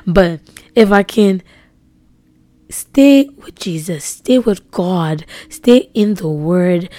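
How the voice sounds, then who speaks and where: A woman's voice: lowish voice, takes it slowly, no echo. A young woman hosting a devotional podcast, talking earnestly and repeating phrases, sometimes dropping to a whisper for emphasis. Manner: earnest, repetitive, drops to soft whispers for emphasis. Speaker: podcast host.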